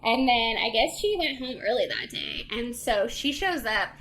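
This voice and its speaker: A young woman co-hosting a book podcast, casually retelling a story with lots of "like" and animated quotes. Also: on the high side, normal speed, slight background noise, rough recording. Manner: chatty, lots of "like", animated quoting. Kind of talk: casual chat retelling a novel's plot.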